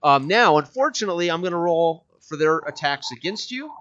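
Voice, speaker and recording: A man's voice: on the high side, animated, fairly bright tone. A man running a tabletop game as game master, talking casually with frequent fillers and restarts. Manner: chatty, halting with many fillers. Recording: dull lo-fi mic.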